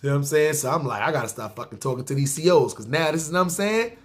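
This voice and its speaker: A man's voice: fairly high pitch, lively intonation, fast. A man in his thirties with a New York accent, telling a long personal story in slangy casual talk and often checking in with the listener. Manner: slangy street talk, keeps asking "see what I'm saying". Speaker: storyteller host.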